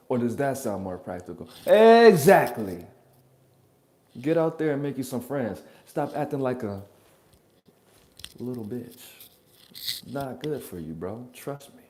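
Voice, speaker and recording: A man's voice: mid-range voice, lively intonation, normal speed, mellow. A man hosting a reaction channel, rambling through blunt, profane, joking advice in a casual monologue from his apartment.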